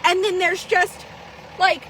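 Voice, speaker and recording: A woman vlogging live in casual chat, swearing freely and laughing often as she tells animated stories. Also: very high voice, slow, a little hiss or hum, poor audio.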